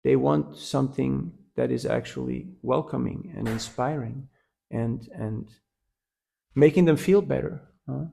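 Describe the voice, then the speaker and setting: A temple lecturer with a mid-range, slightly rough voice and vocal fry speaks unhurriedly in a devotional class. His storytelling is lively and funny; he repeatedly asks the listeners "huh?" and laughs at his own jokes.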